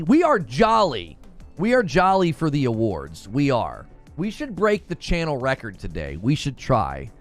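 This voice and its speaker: Animated man hosting a livestream. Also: medium pitch. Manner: animated, excitable, repeats himself, shouts when cheering. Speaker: livestream host. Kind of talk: casual livestream chat.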